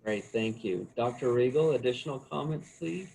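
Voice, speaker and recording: A man's voice: medium pitch, lively intonation, moderate pace, vocal fry, a little mellow, poor audio. A man moderating a conference panel, asking questions politely with some hesitant fillers.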